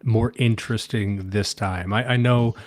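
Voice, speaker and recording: A fairly low-voiced man from Canada, hosting a livestream in loose, rambling political chat. He swears freely and breaks into laughs between his points. His delivery is casual and meandering. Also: fairly even intonation, unhurried. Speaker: stream host.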